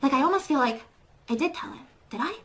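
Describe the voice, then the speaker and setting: A woman's voice: high voice, expressive, fast. A woman in a played clip, earnestly recounting an upsetting experience, emotional and self-doubting. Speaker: YouTuber recounting a conflict. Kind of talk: personal storytime.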